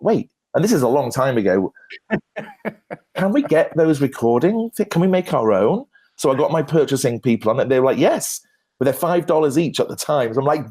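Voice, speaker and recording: A man answers questions on a conference stage as a branding expert. He tells his stories in an animated, self-deprecating way, often restarting his sentences and laughing at his own jokes. His voice sits at an ordinary middle pitch for a man. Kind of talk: conference Q&A talk, anecdotal.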